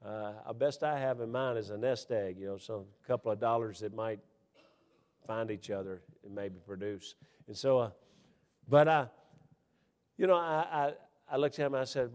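A man preaching to his congregation in a lively, folksy way. His delivery climbs to loud, emphatic peaks and then drops to near-confiding murmurs as he tells personal stories. A long reverb from the church hall trails each phrase. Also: normal speed. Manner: animated preaching with wide swings in pitch and loudness, folksy asides and chuckles. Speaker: pastor. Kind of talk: sermon.

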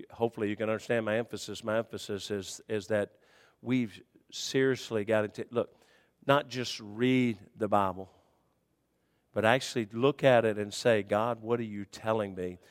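A man preaches a sermon in a folksy, conversational style, sinking to quiet murmurs and climbing to high shouts. The sound carries the feel of a big room.

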